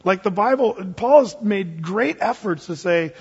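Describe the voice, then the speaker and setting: Husky high-voiced male pastor preaching. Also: lively intonation, measured pace, hardly any pauses, a little mellow. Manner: conversational, joking preaching with sudden emphatic bursts. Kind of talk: sermon. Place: church sanctuary. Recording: muffled, long reverb in a hall.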